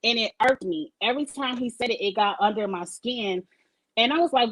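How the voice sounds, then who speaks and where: A woman's voice: on the high side, moderate pace, fairly bright tone, poor audio. A woman hosting a casual live-stream chat over a video call, speaking emphatically and candidly and swearing freely. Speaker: host of a live-streamed talk show; supervisor at work.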